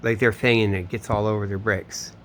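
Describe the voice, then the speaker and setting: A man's voice: lowish voice, little pitch movement, fairly quick, fairly bright tone, a little hiss or hum. A man telling a long, meandering personal story, swearing often and trailing off mid-sentence. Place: home in Florida.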